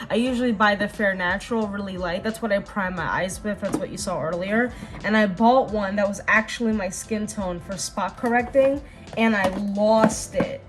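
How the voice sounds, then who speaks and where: A young woman vlogger talking earnestly and casually while doing her makeup, rambling with fillers. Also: mid-range voice. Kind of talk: casual get-ready-with-me chat.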